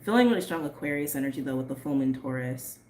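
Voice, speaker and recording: A woman reading tarot and chatting casually on a livestream, rambling and laughing often, her voice a little hoarse. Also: a bass voice, expressive, quick pace, darkish tone, a little hiss or hum. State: slightly hoarse. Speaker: tarot reader.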